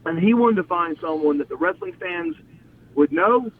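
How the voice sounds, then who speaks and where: A middle-aged man and former pro wrestler telling excited stories as an interview guest, stumbling over restarts and acting out quotes. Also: high voice, normal speed, gravelly. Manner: excited, repeats words and restarts, acts out quotes. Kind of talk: animated storytelling in an interview. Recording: phone-like line with faint hiss.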